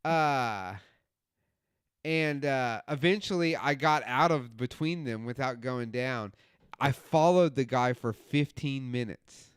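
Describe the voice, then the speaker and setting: A man's voice: medium pitch, slow pace, smooth, no echo, studio quality. A man telling loose, profane stories on a casual podcast, acting out what people said. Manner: profane, animated storyteller acting out quotes. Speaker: podcast co-host. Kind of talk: casual storytelling. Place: home podcast studio.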